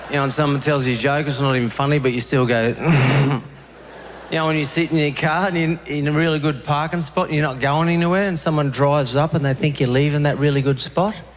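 An Australian man works through a stand-up routine, telling stories in a deadpan way and jumping into quick voices for the people in them. His voice sits a little high for a man. The live recording carries clear background noise. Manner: deadpan storytelling with acted-out voices. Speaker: stand-up comedian.

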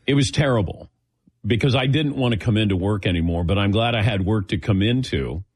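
A middle-aged man hosting a show takes audience questions and tells a casual personal story, voicing the people he quotes. He talks a little fast in a fairly low, slightly mellow voice with a breathy edge. The recording is dry and studio quality.

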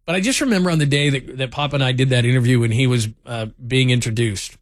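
Sports radio guy rambling through stories, lots of "like", mid pitch, dry studio mic. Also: fast talker, no room sound. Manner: chatty storytelling, lots of "like". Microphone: studio microphone.

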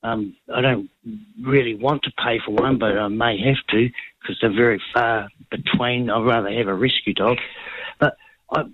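A man's voice: mid-range voice, steady tone, moderate pace, dry recording. A man with a New Zealand accent calling in to a radio show, speaking hesitantly with many ums and restarts. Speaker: caller. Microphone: phone. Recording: slightly dull phone line.

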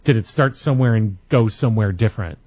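A man hosting a late-night radio talk show, asking relaxed, curious questions. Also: on the low side, fast, breathy edge. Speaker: radio host. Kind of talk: radio interview.

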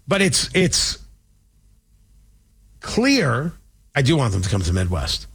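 A man's voice: high voice, animated, moderate pace, fairly bright tone. A man from Indiana hosting a talk radio show, giving sarcastic, digressive political commentary.

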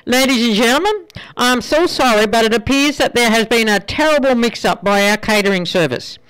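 Host doing a flustered Irish flight attendant. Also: female voice, fairly high pitch, animated, a bit bright, clear, resonant tone, voice pushed up, low-quality recording. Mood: apologetic. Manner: apologetic, rushed announcement tone. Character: nervous polite Irish flight attendant, woman.

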